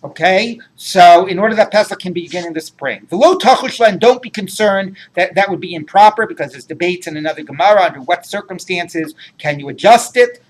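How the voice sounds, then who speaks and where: A man's voice: high voice, animated, fairly quick, few pauses. A man teaching a Talmud class, translating Aramaic phrases line by line, chatty and prone to jokes.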